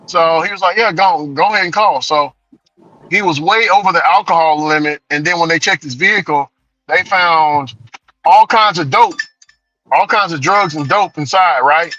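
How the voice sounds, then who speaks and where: A man's voice: fairly high pitch, moderate pace, lo-fi sound. A man telling a story in casual chat as a delivery driver vlogger, laughing often. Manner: laughing, animated retelling.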